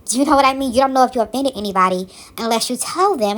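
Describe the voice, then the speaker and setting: A woman's voice: a little high, racing. A woman podcast host giving a sassy, exasperated casual recap of a reality TV show. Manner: sassy, animated, exasperated commentary.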